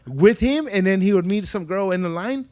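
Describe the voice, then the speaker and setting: A man's voice: high-pitched, animated, normal speed, darkish tone, no room sound. A man hosting a podcast, telling loose, profane stories in casual chat and acting out quotes from other people. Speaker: podcast host.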